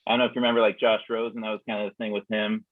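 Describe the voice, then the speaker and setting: A man on a podcast, talking football in a measured, analytical way. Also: on the low side, little pitch movement, no echo. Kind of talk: casual sports chat. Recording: tinny phone-like call line.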